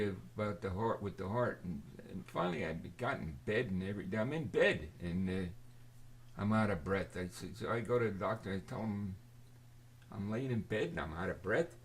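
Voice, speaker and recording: An older man telling a rambling personal story to his camera, halting and forgetful, with many restarts and fillers. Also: on the low side, lively intonation, slight background noise. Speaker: video storyteller.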